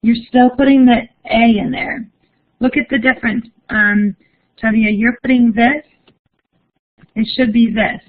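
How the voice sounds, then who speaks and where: A young woman, a Spanish teacher, reads answers from the chat during a live online lesson, sounding upbeat and encouraging. Her voice is a little high with fairly even intonation, and she speaks a little slowly with long pauses. The audio is narrow, like a phone.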